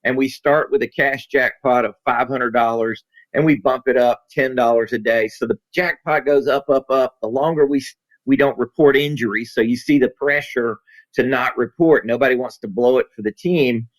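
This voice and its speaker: Male consultant, folksy and animated, spins anecdotes in conversation. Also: mid-range voice, moderate pace, rough recording. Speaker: safety consultant and author. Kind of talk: storytelling in a podcast interview.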